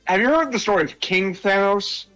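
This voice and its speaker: A man rambles through a story in a casual chat, filling gaps with fillers and restarts. His voice is bright and sharp and sits a little high. Faint music plays behind him. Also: lively intonation, moderate pace, clean tone, poor audio.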